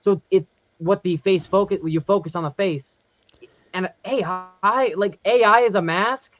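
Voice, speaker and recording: High-voiced man on a dull, dry mic. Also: unhurried, no echo. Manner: thoughtful, explains in rambling restarts. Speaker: podcast co-host. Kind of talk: casual horror movie chat.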